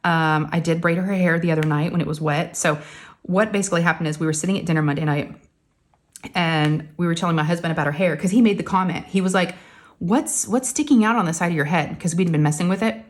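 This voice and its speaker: A woman, chatting casually to her viewers. Her voice sits a little low. She tells stories and jumps into high voices for the people she quotes. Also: steady tone, quick pace. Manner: chatty storytelling, acts out quoted family members in a high voice. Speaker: craft vlogger.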